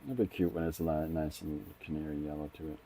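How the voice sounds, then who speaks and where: Extremely low-pitched and dark, this middle-aged comic artist talks briskly in a steady tone while he draws on a live stream. He chats casually, thinks aloud and often restarts his sentences, with slight background noise audible.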